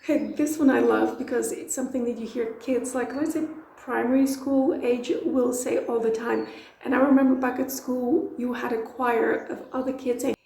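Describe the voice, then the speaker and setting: A woman from Portugal teaches a casual video lesson in a chatty, playful manner, explaining through examples. Her slightly high voice is creaky and mellow, delivered at a moderate pace. The rough recording carries noticeable reverb.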